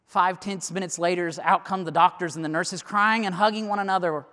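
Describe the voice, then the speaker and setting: A man telling a sermon illustration as a dramatic story, going from loud urgency to hushed near-whispers. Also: sits high, fairly even intonation, a little fast, few pauses. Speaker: preacher. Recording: long reverb of a large hall.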